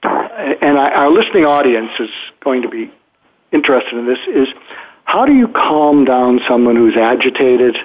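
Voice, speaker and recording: A man's voice: medium pitch, big pitch swings, moderate pace. A man hosting a podcast, explaining communication techniques in a thoughtful way and acting out example phrases. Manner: thoughtful, frequent restarts, acts out example phrases. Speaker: podcast host, psychiatrist. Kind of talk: conversational advice talk. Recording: phone-line sound.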